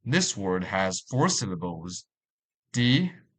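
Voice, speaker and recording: Slow, measured man teaching a lesson. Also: lowish voice, animated, fairly bright tone. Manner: measured, deliberate, repeats each example word. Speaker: language teacher. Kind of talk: slow scripted lesson narration.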